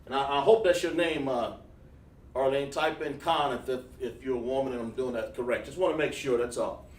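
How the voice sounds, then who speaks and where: A man's voice: mid-range voice, fairly quick, far from the mic. A man giving a casual livestream lesson on Hebrew letters, chatting with viewers while he draws on a board. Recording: echoey room, voice away from the mic.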